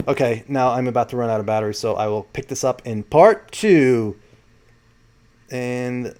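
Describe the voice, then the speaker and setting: A man's voice: mid-range voice, normal speed, a little mellow. A man hosting his own channel, giving casual commentary and often correcting himself mid-phrase. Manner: rambling, frequent self-corrections. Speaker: channel host.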